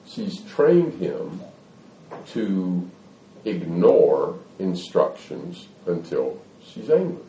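A man with a deep, warm, sing-song voice draws out his words as he gives a folksy parenting talk to an audience, acting out little scenes to make his points. The recording is muffled with slight hiss or hum, captured by a distant mic in an echoey hall.

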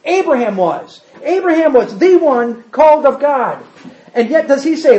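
Animated preacher in an echoey hall. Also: male voice, extremely high pitch, normal speed. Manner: animated, dramatic shifts between loud emphasis and quiet asides. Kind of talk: sermon with scripture reading. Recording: echoey hall, slightly dull sound.

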